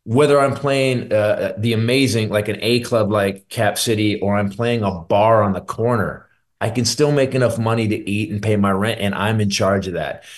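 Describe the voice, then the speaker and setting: A middle-aged man with a lowish voice talks as a comedian guest on a radio show. He tells rambling, candid stories in a loose, unguarded way. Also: moderate pace. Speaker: stand-up comedian.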